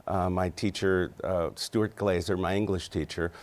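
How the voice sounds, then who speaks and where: A man in his fifties tells stories in a studio interview, his voice sitting a little low. He is chatty and self-deprecating and laughs easily as he talks. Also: fairly even intonation, unhurried. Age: 50s. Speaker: Broadway actor, interview guest.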